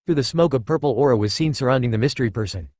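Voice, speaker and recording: Brief: male storyteller, steady read, dry close sound. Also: medium pitch, racing, dry recording. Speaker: narrator. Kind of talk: reading fan fiction aloud.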